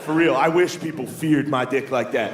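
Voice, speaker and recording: A man in his thirties doing stand-up, his talk loose and crude, full of swearing and self-mockery. His voice sits at an ordinary pitch for a man. Loud audience laughter and room noise sit behind his handheld stage mic. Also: normal speed. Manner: casual, swearing, self-deprecating, drops into silly voices. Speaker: stand-up comedian. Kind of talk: stand-up routine. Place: comedy club stage. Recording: live club recording, loud audience laughter.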